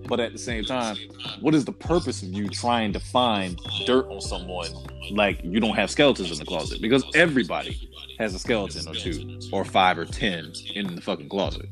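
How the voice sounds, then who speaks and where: A man with a Southern US accent hosts a podcast in a relaxed, profane way. His voice sits fairly low. Faint music runs in the background. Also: moderate pace. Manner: loose, profane, laid-back. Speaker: podcast host. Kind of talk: casual podcast chat.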